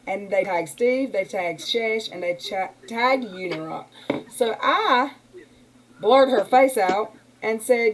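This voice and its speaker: A woman's voice: fairly high pitch, lively intonation, slow, rough recording. Lady ranting on her stream, rambly and fired up, lots of y'all. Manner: rambling, indignant, uses y'all. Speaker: livestream host. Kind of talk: casual livestream chat. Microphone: computer mic on a stream.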